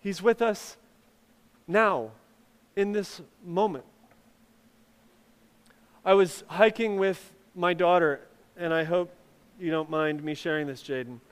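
A man's voice: high voice, takes it slowly, long pauses, clear, resonant tone, long reverb tail. A man preaching a sermon, telling a personal story in a conversational way with many fillers and restarts. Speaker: pastor.

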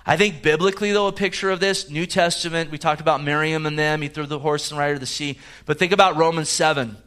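A man's voice: a little high, fairly even intonation, fast, fairly bright tone. A man preaching a sermon in a conversational way, with frequent restarts and asides as he explains scripture. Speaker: pastor.

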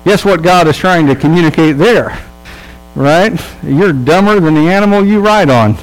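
A pastor giving a sermon in a relaxed, humorous storytelling manner, checking in with his listeners and acting out the people in the story. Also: fairly high pitch, normal speed, soft background music, low-quality recording. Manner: casual, humorous storytelling with quoted voices; conversational, checks in with the audience.

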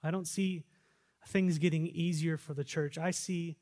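A pastor preaching a sermon, swinging between loud fervent exhortation and quiet reflective asides. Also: male voice, a little high, fairly even intonation, measured pace. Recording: long reverb of a large hall.

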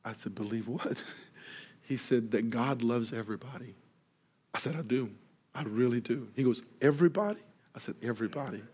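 A man preaching a sermon, telling a story and acting out each person in it, rising loud when excited and falling soft and quiet for earnest points. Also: mid-range voice, normal speed, breathy edge. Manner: animated storyteller, acts out dialogue, grows loud in excitement. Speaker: pastor.

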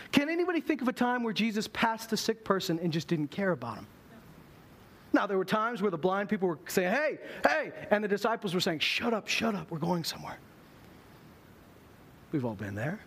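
A man's voice: high-pitched, very animated, a little fast, pauses often. A man preaching a sermon in a church, telling stories with humor and acting out voices. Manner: humorous storytelling, acts out voices. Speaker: pastor.

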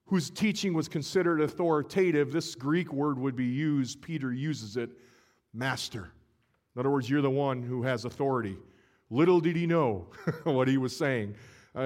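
Animated, higher-voiced male preacher. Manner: storytelling, acts out scenes with shifting energy. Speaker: pastor. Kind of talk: sermon.

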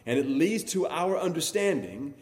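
A man as pastor, preaching an expository sermon in a measured teaching manner, stressing key words and pausing with fillers. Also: fairly high pitch, very animated, a little mellow.

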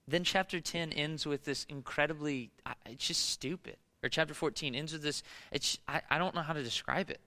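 A man preaching a sermon, animated and conversational, with casual fillers and rhetorical questions. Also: mid-range voice, normal speed, in a large hall. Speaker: pastor.

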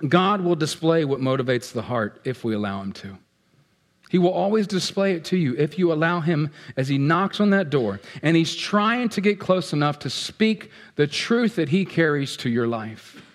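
A man preaching a sermon as pastor, animated and playful, swinging between loud outbursts and hushed asides. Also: fairly high pitch, moderate pace. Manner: playful, acts out what people feel.

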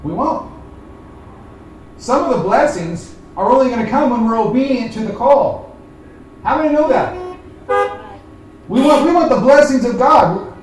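High-voiced male pastor preaching in an echoey hall. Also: expressive, unhurried, pauses often, a little hiss or hum. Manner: rises and presses hard on points, then drops to a quiet prayer. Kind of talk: sermon. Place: church sanctuary. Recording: echoey church room from far off.

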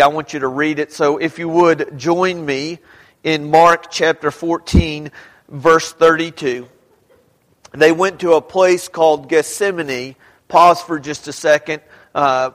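A man's voice: a little high, a bit bright. A man preaching a sermon, reading scripture aloud and asking his congregation questions as he explains it. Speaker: pastor. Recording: long hall reverb.

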